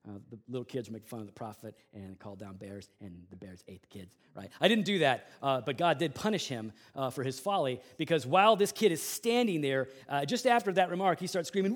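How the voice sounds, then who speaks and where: A man preaching a sermon, telling a personal story in an animated way before turning to scripture. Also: fairly high pitch, a little fast. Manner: animated storytelling with voiced quotes. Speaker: pastor.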